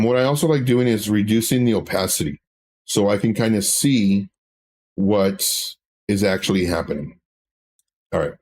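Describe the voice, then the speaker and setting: A man's voice: on the low side, darkish tone. A man doing a casual livestream, rambling through chart talk and personal stories as a crypto trading educator.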